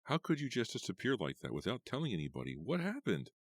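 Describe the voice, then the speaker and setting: A man voicing an upset teenage girl in an audiobook, in a strained high falsetto. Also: big pitch swings, normal speed, vocal fry, no room sound, heavily acted. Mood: shocked anger. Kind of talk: audiobook character voice.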